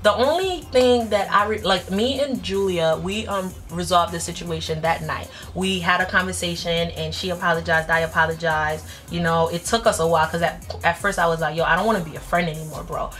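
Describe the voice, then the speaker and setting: A woman in her twenties telling a personal story in a casual vlog, blunt and slangy, jumping up in pitch when she acts out quotes. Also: normal speed, few pauses, soft background music. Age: 20s. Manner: animated, jumps up in pitch when acting out quotes; slangy, blunt, self-mocking. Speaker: vlogger.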